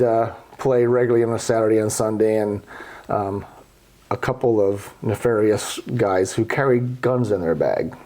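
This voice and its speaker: A middle-aged man telling golf stories casually on a podcast, animated and blunt with frequent swearing. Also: fairly low pitch, normal speed. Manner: profane, animated storyteller. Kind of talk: casual storytelling.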